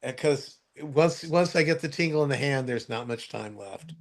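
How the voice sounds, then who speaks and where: A man hosting a podcast, telling a story in casual chat, rambling with many fillers and restarts, and acting out other people's voices when he quotes them. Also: moderate pace. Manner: acts out others' voices in high shouts when quoting. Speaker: podcast host.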